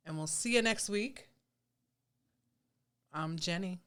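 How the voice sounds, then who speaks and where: A woman's voice: lowish voice, takes it slowly, a bit bright, clean tone. A woman co-hosting a casual live stream, giving brief, dry replies. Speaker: co-host of a cruise live stream.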